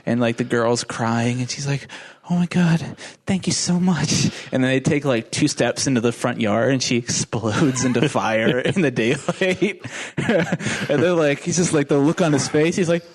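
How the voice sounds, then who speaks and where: A man's voice: mid-range voice, steady tone, moderate pace. A man on a casual podcast, retelling a film plot in a rambling way, laughing often, swearing and acting out lines. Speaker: podcast co-host. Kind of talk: casual movie recap chat.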